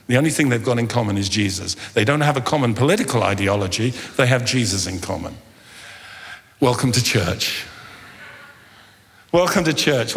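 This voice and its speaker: A middle-aged man preaching a humorous sermon, animated and telling stories with acted-out dialogue. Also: mid-range voice. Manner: animated, jokey, acts out dialogue. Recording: long hall reverb.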